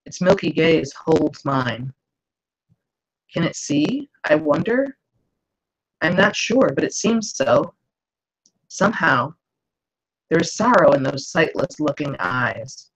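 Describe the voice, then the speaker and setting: A woman author reading her own novel aloud in a slow, dramatic, expressive way over a video call. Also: low-pitched, breathy edge. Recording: dull lo-fi video call audio.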